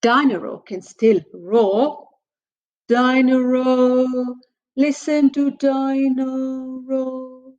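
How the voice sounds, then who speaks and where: A woman's voice: on the high side, lively intonation, a little slow, lo-fi sound, voice pushed up. A woman voicing a kind, sensible mother pig in a children's story. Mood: reassuring. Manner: bright, reassuring.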